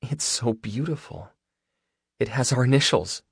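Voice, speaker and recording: Shy young woman in an audiobook, hushed and tender, voiced by a male narrator. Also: medium pitch, big pitch swings, moderate pace, no echo, clean studio sound, pitched above the performer's own voice. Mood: hushed awe. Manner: soft, hushed and wondering. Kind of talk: audiobook character voice.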